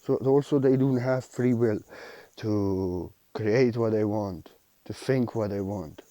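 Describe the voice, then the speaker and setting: A man's voice: on the low side, slow pace, mellow, no room sound, lo-fi sound. A man giving a spiritual teaching monologue, earnest and repetitive, with slightly unidiomatic phrasing.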